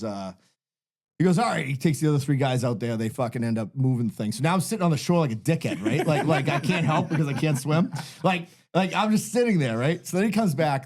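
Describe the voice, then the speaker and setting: A man's voice: fairly high pitch, a little mellow. A man telling a long, profane, rambling story as a podcast guest.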